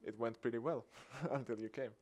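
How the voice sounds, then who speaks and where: A man's voice: medium pitch, brisk. Swedish man telling a story. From Sweden. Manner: lively storyteller acting out dialogue with a chuckle. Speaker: activist speaker. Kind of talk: public talk.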